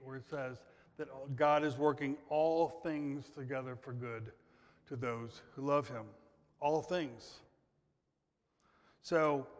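A man from the United States preaching a sermon, emphatic, with repetition and sudden loud rises in his delivery. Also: fairly high pitch. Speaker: pastor. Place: church sanctuary. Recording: long hall reverb.

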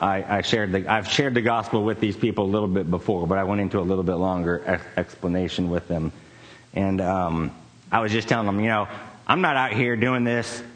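A man preaching, telling a personal story in a casual, conversational way with fillers and quick laughs. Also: on the low side, long reverb tail. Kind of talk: sermon story.

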